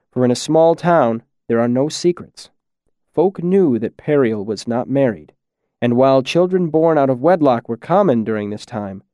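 A man reads a fable aloud at a measured, steady pace. His voice sits mid-range and the recording is close and completely dry, with no room sound. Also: medium pitch, no echo. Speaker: narrator. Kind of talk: storybook narration.

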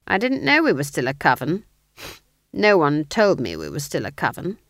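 A woman's voice: sits low, sing-song, a little slow, fairly bright tone, no echo, clean studio sound, heavily acted. A woman voicing a proud older witch who speaks curtly and disapprovingly. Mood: stern. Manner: curt, disapproving.

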